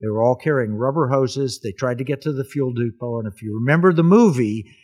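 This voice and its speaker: A man's voice: mid-range voice, brisk, a little mellow, husky. A man hosting a casual talk, telling a history story in an earnest, emphatic way.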